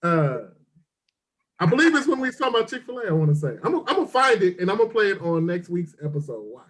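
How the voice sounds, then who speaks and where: A man's voice: sits high, sing-song, quick pace, fairly bright tone. A man co-hosting a casual comedy podcast, playful and teasing, often repeating himself. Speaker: co-host.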